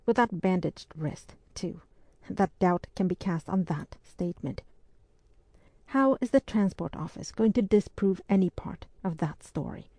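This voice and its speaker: A woman reading the part of a brisk, firm English spinster hostess in an audiobook. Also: on the low side, mellow, no room sound.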